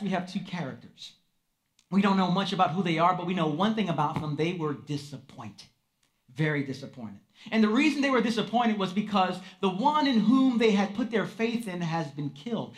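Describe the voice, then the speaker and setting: Emphatic woman preaching a sermon. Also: on the low side. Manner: emphatic, with sharp swings in pace and loudness; drops to a hush on key words. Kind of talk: sermon with scripture reading. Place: room with a congregation.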